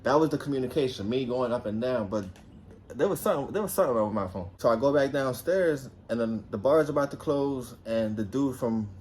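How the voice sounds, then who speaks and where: A young man from New Jersey telling a personal story in a casual, animated way, swearing freely and acting out quotes in a raised voice. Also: medium pitch, fairly quick, a little hiss or hum.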